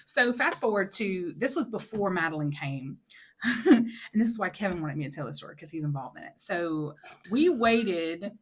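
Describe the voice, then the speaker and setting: A woman's voice: expressive, moderate pace, slightly rough. A woman in her thirties, a podcast co-host, telling a story in casual chat with many fillers and acted-out quotes. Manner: acts out quotes in a high, loud voice.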